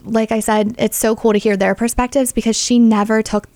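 A woman's voice: on the high side, little pitch movement, a little fast, a little mellow, no echo. A young adult woman sharing a personal faith testimony as an interview guest, earnest and full of "like" fillers.

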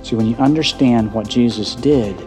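A man preaching a sermon with passion, swinging from loud, rising declarations to hushed, intense lines. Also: mid-range voice, moderate pace, faint music behind. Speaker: pastor. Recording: long hall reverb.

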